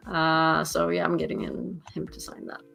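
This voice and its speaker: A woman's voice: sits low, flat delivery, normal speed, gravelly, a bit bright, faint music behind. A woman hosting a casual livestream chat, hesitant and full of fillers, laughing often. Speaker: host.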